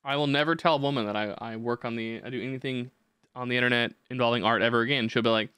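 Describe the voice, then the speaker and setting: A man's voice: mid-range voice, steady tone, quick pace, sharp tone, smooth, no room sound. A young man hosting a podcast, telling crude, profane comic stories in a brash, rambling way. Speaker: podcast host. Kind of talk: crude comedic rant.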